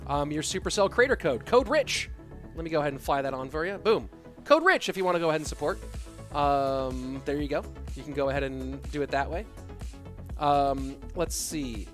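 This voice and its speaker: Male esports caster, higher voice, chatty stream host, light music under. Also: animated, normal speed, fairly bright tone. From California. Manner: chatty, reads chat questions aloud. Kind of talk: live esports commentary.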